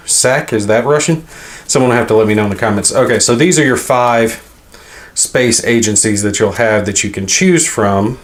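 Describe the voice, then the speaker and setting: A man hosting a board game channel, talking casually and thinking aloud as he unboxes a game. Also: fairly low pitch. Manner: rambling, thinking aloud as he handles items.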